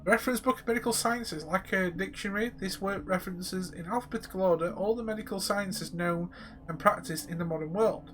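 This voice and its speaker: A man's voice: sits high, fairly quick, a bit bright. A man casually commentating a live game stream, joking with viewers. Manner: casual, jokey, addresses viewers.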